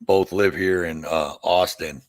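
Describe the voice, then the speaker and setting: A man guest on a video call, chatting casually, eager and halting, often restarting his sentences. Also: low voice, fairly even intonation, no echo. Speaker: podcast guest. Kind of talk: casual chat.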